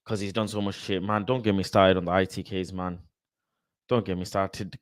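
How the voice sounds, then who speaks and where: A man's voice: sits low, normal speed, no room sound, studio quality. A young man hosting a football fan live stream, reading out viewers' comments in slangy, repetitive, swearing-laced chat. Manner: animated, swears freely, repeats phrases, London slang. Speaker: fan channel host.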